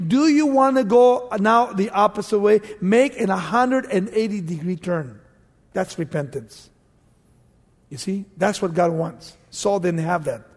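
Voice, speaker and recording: A middle-aged man preaches with fervent emphasis, his voice sitting notably high for a man. The sound hangs in the long reverb of a big hall. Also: a little slow. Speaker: pastor. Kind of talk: sermon.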